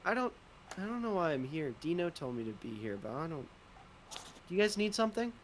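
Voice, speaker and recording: A man voicing a small, timid male orange creature who speaks in hesitant, halting bits. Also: a little high, sing-song, slight background noise, pitched above the performer's own voice, rough recording. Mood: meek.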